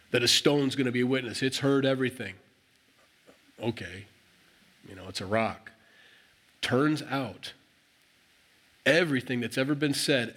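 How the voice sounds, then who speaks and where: A man's voice: medium pitch, fairly bright tone. A man preaching a sermon, reading scripture aloud and explaining it in a conversational way, acting out the dialogue with emphatic rises. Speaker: pastor.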